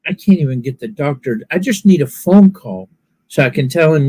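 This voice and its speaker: A man's voice: on the high side, animated, moderate pace, warm tone, breathy edge, poor audio. A man chatting casually, telling folksy stories and acting out the people in them with raised voices. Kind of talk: casual storytelling chat.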